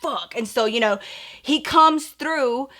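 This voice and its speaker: A woman's voice: mid-range voice, normal speed, a bit bright. A woman vlogger telling a story in a casual, profane, chatty way, talking straight to her viewers.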